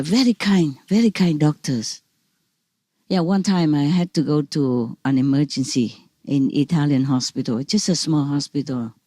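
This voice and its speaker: Low-voiced woman telling stories in halting English. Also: slightly rough, no room sound, studio quality. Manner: warm, repetitive storytelling with frequent laughs; broken, halting non-native phrasing. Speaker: spiritual teacher. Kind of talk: casual talk over a video call. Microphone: video call.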